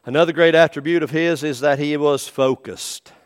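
A middle-aged man preaching a sermon as pastor, animated, acting out the people in his stories. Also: a little high, moderate pace, smooth. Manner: animated preaching, acts out quoted voices.

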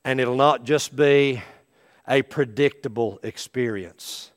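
A middle-aged man preaching a sermon as pastor, animated, acting out the people in his stories. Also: mid-range voice, slow pace. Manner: animated preaching, acts out quoted voices.

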